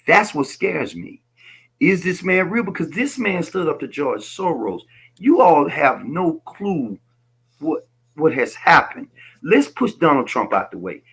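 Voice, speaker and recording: A man's voice: fairly high pitch, a bit bright, husky. A man speaking as a guest on a casual political call-in show, emphatic and rambling, lecturing his listeners.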